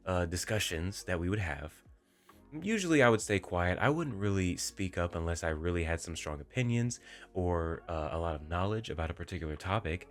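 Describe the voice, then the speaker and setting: A young man talking to his viewers in a gentle, inviting, emotive way, with deliberate pauses. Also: low-pitched. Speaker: voice-focused video creator. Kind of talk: reflective talk to camera. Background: faint background music.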